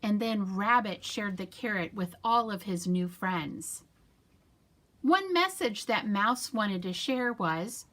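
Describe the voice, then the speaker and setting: A woman's voice: mid-range voice, big pitch swings, a little slow, a bit bright. A woman children's librarian leading a storytime, reading a story with sound effects and doing hand-motion rhymes.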